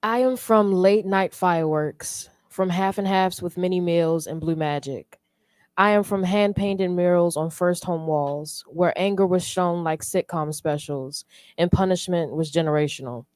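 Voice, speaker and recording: Young woman reciting a poem, low-ish voice. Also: a little slow, dry recording. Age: young adult. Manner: steady recited cadence. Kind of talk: spoken word poetry reading.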